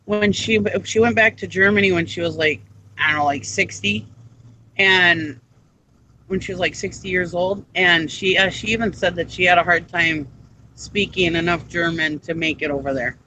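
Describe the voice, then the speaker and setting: A man chatting on a live morning show, his voice sitting high and sounding bright and forward. He rambles, circling back with fillers and false starts as he tells a story. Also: fairly even intonation, normal speed, slight background noise, poor audio. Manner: rambling, many ums and restarts. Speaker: co-host. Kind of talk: casual chat.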